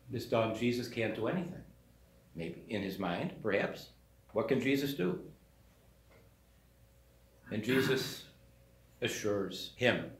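A man, a parish priest, giving a sermon in a conversational storytelling manner and briefly acting out the voices in the story. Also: fairly low pitch. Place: church. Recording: echoey church room.

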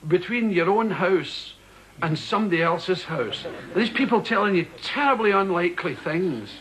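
A Scottish man telling comic stories as a talk show guest, animated and jumping into high voices for quotes. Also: moderate pace. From Scotland. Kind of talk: comic storytelling. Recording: noisy broadcast recording.

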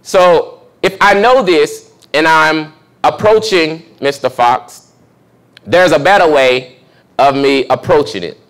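A young male pastor preaches in a relaxed, conversational way, often turning to ask his listeners questions. His voice sits a little higher than most men's. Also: slow pace. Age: young adult. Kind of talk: sermon teaching.

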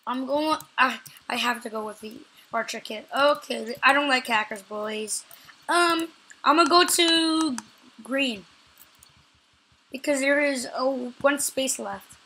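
A woman giving live gameplay commentary as a channel host, excitable, repeating phrases over and over and yelling out when she catches something. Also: sits high, slow pace, a little hiss or hum.

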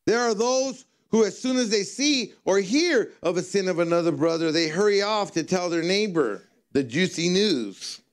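A man's voice: high voice, normal speed, hardly any pauses. A man pastor preaching a sermon in a conversational way, telling funny stories. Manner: conversational preaching with humorous storytelling. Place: church service.

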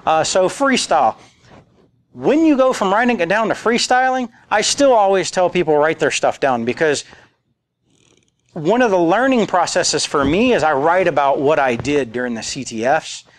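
A man in his forties gives a conference talk in a loose, chatty way and drops in quotes from old movies. His voice sits a bit high for a man. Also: lively intonation, moderate pace. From rural area. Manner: casual, joking, quotes movie lines. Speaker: conference speaker. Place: conference room.

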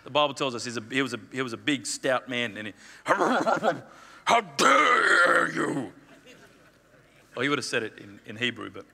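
Male pastor, sermon, emphatic, repeats himself, sharp tense voice, long church hall reverb. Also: mid-range voice, fairly even intonation, very fast, few pauses. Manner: emphatic, repeats phrases, acts out quoted lines.

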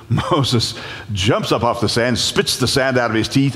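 A man preaching a humorous storytelling sermon, animated, playful and folksy as he retells a scripture story. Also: mid-range voice, a little slow. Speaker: guest preacher. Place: large church sanctuary. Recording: long church reverb.

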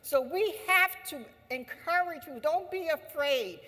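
A woman labor leader giving an impassioned assembly speech, emphatic and repetitive, rising to forceful exhortation. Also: sits high, a little slow. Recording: long hall reverb.

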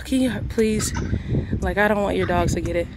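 A woman chatting casually for her vlog, excited and a little nervous, laughing often. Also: mid-range voice, moderate pace, heavy background noise. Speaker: vlogger. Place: outdoors at a house in Miami.

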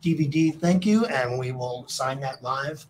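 A man talking about upcoming signings as a guest, halting and hesitant. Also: mid-range voice, a little mellow, slight background noise. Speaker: voice actor guest. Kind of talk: casual chat.

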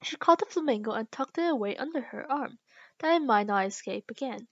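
Woman, storybook read-aloud, fairly high voice, dry and muffled sound. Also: expressive, a bit bright, no room sound. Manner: slow, careful reading with small restarts. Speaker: reader. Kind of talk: reading a children's book aloud.

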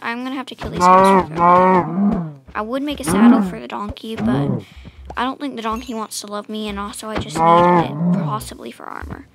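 A woman giving casual, rambling let's-play commentary, mumbling and chatting to the animals in her game. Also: on the low side. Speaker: gaming channel host.

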